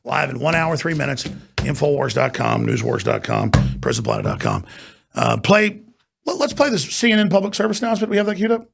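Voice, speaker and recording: A man's voice: medium pitch, huge pitch swings, a little fast, vocal fry, slightly rough. A man hosting a talk show, ranting and mocking in an off-air political monologue from a studio.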